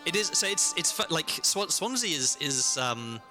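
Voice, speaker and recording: Rambling South Welsh streamer, bright voice. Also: male voice, mid-range voice, very animated, a little slow, soft background music. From South Wales. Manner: rambling, self-interrupting storyteller. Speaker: game streamer. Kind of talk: casual chat while playing a game.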